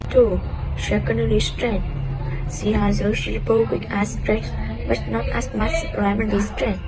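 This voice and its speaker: A woman with a Vietnamese accent reading a lesson script on word stress in a flat, halting way. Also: medium pitch, poor audio. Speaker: student presenter.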